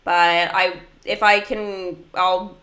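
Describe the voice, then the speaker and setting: A woman's voice: lowish voice, flat delivery, slow, a bit bright. A woman chatting casually during a mobile game livestream, giggling often and answering her viewers' chat.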